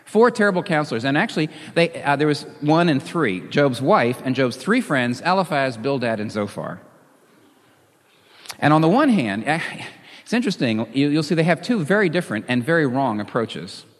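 A man preaching a sermon in a dramatic, animated way, with bursts of emphasis. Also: fairly high pitch, moderate pace. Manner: lively, dramatic, reads scripture with emphasis and chuckles. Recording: long hall reverb.

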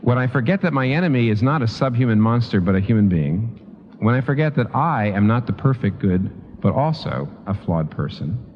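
A man delivers a sermon with very lively, swooping intonation, climbing high on his strongest points and dropping low to let a thought land. His talk is conversational and full of restarts and asides. The sound is dull and lo-fi, carried by the long reverb of a large hall. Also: fairly quick, a little hiss or hum. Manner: lively, emphatic preaching with rising pitch on key points. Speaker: preacher.

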